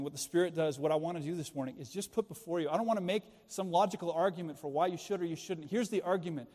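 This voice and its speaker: A man's voice: fairly high pitch, dark tone. A middle-aged man preaching a sermon in a church, earnest and urgent, pressing his listeners with pointed questions. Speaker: pastor. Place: church sanctuary. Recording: long hall reverb.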